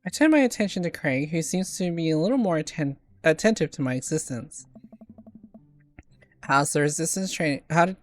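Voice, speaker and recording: A woman's voice: sits low, lively intonation, quick pace, hardly any pauses, a little mellow, faint music behind. A woman streamer reading dialogue aloud during a live game playthrough, laughing often.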